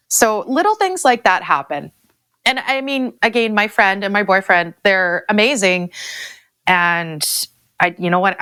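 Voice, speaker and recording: A woman's voice: mid-range voice, a bit bright, dry recording, clean studio sound. Candid Canadian woman in her forties. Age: 40s. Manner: emotional, open, repeats herself. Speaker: guest farmer. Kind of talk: candid interview talk.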